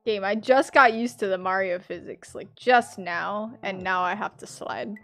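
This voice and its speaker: A woman streaming a platform game, chatting with her viewers, laughing a lot and yelling loudly when she fails. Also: medium pitch, moderate pace, faint music behind. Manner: chatty, laughs often, bursts into loud yells at failures. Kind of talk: casual live-stream commentary.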